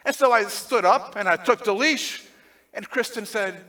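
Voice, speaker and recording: A man preaching a sermon, telling a personal story with lively swings between excited, loud passages and hushed, tender ones. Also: sits high, moderate pace. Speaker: pastor.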